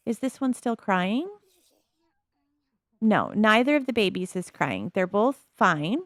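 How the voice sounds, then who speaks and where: A woman's voice: medium pitch, dry recording, studio quality. A woman giving casual, amused commentary on her life-sim game as a video host. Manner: chatty, amused, narrates the characters' thoughts.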